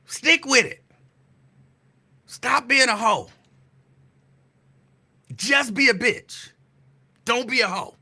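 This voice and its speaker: A man's voice: extremely high pitch, takes it slowly, pauses often, bright, forceful tone. A man hosting his own podcast, teasing and calling someone out in a profane, repetitive casual rant. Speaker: podcast host.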